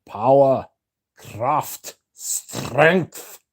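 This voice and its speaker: A man doing an impression of a brash, crude, pompous man with a German accent, talking slowly and boastfully. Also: medium pitch, expressive, slightly rough, voice pushed up, full character voice. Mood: grandiose.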